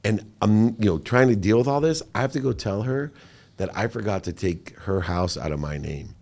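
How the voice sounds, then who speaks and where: A man who is a podcast guest, telling an emotional personal story in an interview with animated, emphatic delivery. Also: lowish voice, normal speed.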